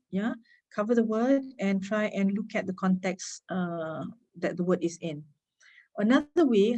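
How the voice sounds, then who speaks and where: A woman with a Malaysian English accent giving an informal reading-skills lecture, chatty, asking her listeners quick tag questions and laughing lightly between points. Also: medium pitch, dark tone, low-quality recording. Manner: chatty, code-switching, asks rhetorical tag questions. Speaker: reading workshop speaker.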